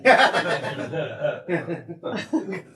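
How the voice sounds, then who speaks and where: A woman's voice: on the low side, big pitch swings, very slow, recorded from a distance. A woman comedian improvising stand-up, giggly and self-deprecating. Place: comedy club stage. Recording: roomy club sound from afar, crowd. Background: audience laughter.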